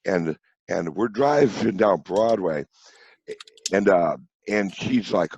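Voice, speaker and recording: A man's voice: low voice, expressive, slow, darkish tone, slightly rough, lo-fi sound. A middle-aged man from St. Louis telling blunt, profane stories in a casual podcast chat. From St. Louis, USA. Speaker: podcast guest.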